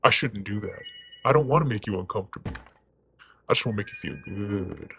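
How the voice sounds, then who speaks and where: A streamer putting on an exaggerated, syrupy, mock-seductive voice, as in a close-up whispered role-play. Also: male voice, lowish voice, animated, brisk, gravelly, pushed and bright, a little hiss or hum, pitched below the performer's own voice, exaggerated voice. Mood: sultry. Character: sultry close-up ASMR-style man, overly intimate.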